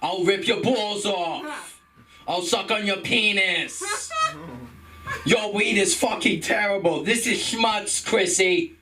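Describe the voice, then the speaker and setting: A man's voice: high-pitched, takes it slowly, recorded from a distance, pitched above the performer's own voice, exaggerated voice. A man doing a blustering mob boss. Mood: angry. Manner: blustering, shouting insults. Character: loud aggressive middle-aged mob boss.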